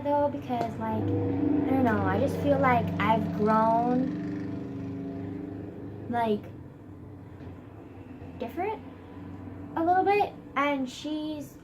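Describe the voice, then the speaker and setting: A woman's voice: high-pitched, a little mellow, a little hiss or hum, rough recording. A teenage girl vlogging casually about school from her bed, rambling and dramatic with many fillers. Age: teens. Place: bedroom, sitting on a bed.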